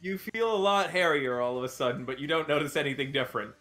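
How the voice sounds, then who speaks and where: A man's voice: a little high, fast, bright, forceful tone, soft background music. A man narrating a tabletop game as game master, playful and often laughing.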